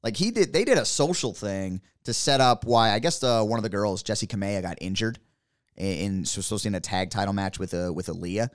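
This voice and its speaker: A lower-pitched man chatting loosely as a podcast co-host, his opinions spilling out in long rambling runs. The sound is dry and close, with almost no room around him. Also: a little fast, no echo. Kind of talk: casual wrestling chat.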